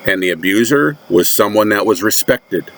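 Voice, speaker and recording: A man from the United States, a religious commentator, delivers a sermon-like monologue with slow, deliberate and emphatic repetition. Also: on the low side, expressive, creaky, fairly bright tone, slight background noise.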